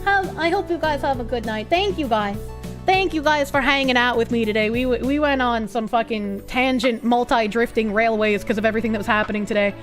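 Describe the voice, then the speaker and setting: A young woman with a Boston accent, chatting casually on a live stream, profane and excitable with bursts of yelling. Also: fairly high pitch. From Boston, USA. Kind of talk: casual live-stream chat reading comments.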